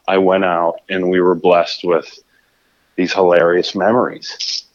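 A man with a lower-pitched voice spins a story in casual conversation, animated and prone to tripping over his own restarts. The recording sounds dull and lo-fi, with the top end rolled off. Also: measured pace. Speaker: guest telling a fishing story.

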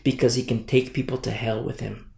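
Gravelly-voiced male pastor preaching in an echoey room. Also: medium pitch, level tone, brisk, mellow. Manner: emphatic preaching, repeats rhetorical questions. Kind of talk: sermon. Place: church hall.

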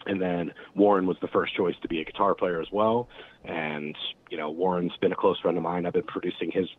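Guest musician, man, very low voice, rambling and relaxed, phone-quality audio. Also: fairly quick. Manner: rambling, filler-heavy, relaxed storytelling. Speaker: band member guest. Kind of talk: casual interview talk. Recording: phone-like narrow sound.

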